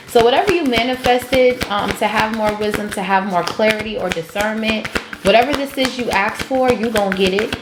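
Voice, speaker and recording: A woman's voice: medium pitch, background noise. Brash woman tarot reader, echoey room. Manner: blunt, profane, sings song snippets. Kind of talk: casual tarot reading. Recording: echoey room with faint music.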